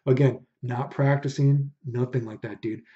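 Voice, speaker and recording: A man's voice: medium pitch, fairly even intonation, moderate pace, dark tone, slight background noise. A young man telling a profane, ranting story in casual podcast chat, saying "dude" again and again. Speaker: podcast host. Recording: dull lo-fi recording.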